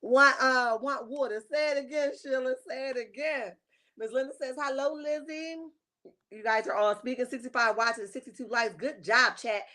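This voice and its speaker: A woman's voice: on the high side, steady tone, moderate pace, bright, forceful tone. Sassy woman gossiping on a livestream. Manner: sassy, emphatic, chatty, reads viewer comments aloud. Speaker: livestream host. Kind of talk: casual reality-TV gossip livestream.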